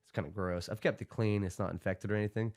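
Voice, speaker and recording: A young man with a somewhat low voice tells a long anecdote as a podcast guest. He rambles, fills gaps with "like," and laughs his way through it. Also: fairly even intonation, fast talker, darkish tone. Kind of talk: casual storytelling.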